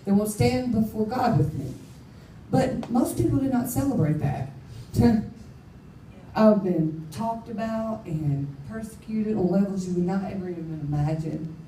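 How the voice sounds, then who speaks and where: Warm-voiced woman preaching in a roomy hall. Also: medium pitch, lively intonation, slight background noise. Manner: candid, emphatic, quick to laugh at herself. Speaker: conference speaker. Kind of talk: personal testimony preaching. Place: conference hall. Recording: roomy hall, speaker far from mic.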